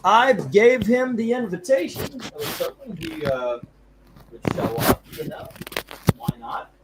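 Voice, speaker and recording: A man's voice: high-pitched, very animated, measured pace, very noisy. A man hosting a live comic book auction stream, chatting casually and rambling with jokes, feeling sick from food poisoning. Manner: rambling, jokey, laughs easily.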